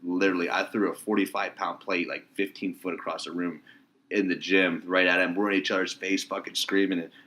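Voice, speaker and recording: A very low-voiced man guesting on a casual podcast. He talks quickly, and his stories are boisterous and full of swearing. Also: flat delivery, pushed and bright. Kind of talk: casual chat.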